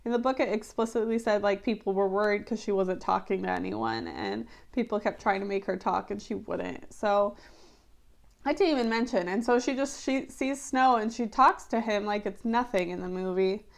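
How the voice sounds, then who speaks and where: A woman vlogger giving casual, animated commentary on a film adaptation, chatty and often exasperated, with lots of fillers. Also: medium pitch, moderate pace, gravelly. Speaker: book-to-movie review vlogger.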